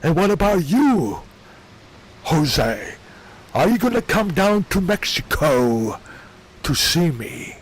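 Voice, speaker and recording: A man doing a comedic impression of a boastful older tough-guy ex-wrestler politician, in a slow, gravelly drawl. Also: a little high, very animated, full character voice. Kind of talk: comedic impression while gaming.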